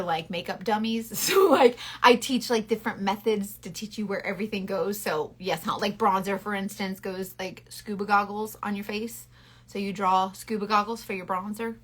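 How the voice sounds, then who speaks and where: A makeup consultant with a medium-pitched, husky voice chats playfully through a casual live tutorial on her phone. She is selling cosmetics and answers her viewers as she works.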